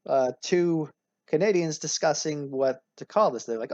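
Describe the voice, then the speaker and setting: Casual and cheerful, a man delivers a recorded anatomy lecture in a slightly high, darkish voice at a moderate pace, frequently correcting himself partway through sentences and using analogies. There's no room sound, and the recording is dry and slightly dull.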